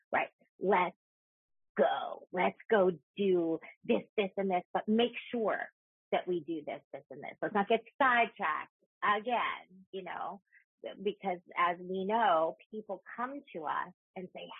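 A woman in a podcast conversation, speaking reflectively and slowing down at emotional points. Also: medium pitch, lively intonation, husky, dry recording. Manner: reflective, slows down when emotional. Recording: tinny phone-like line.

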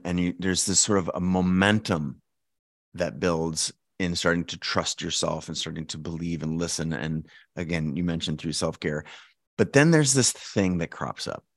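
Male podcast host, very deep voice, reflective and searching, dry close sound. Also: no echo. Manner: reflective, searching for words as he speaks. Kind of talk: podcast interview.

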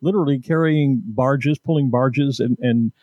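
A man from the United States hosting an interview, asking questions in a measured, explanatory way. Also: mid-range voice, darkish tone, dry recording. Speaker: interviewer host. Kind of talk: conversational interview.

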